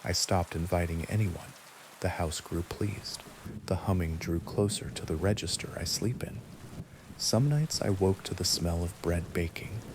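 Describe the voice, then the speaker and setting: A man calmly narrating a first-person horror story in a measured, quiet way. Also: deep voice, noisy background. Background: steady rain.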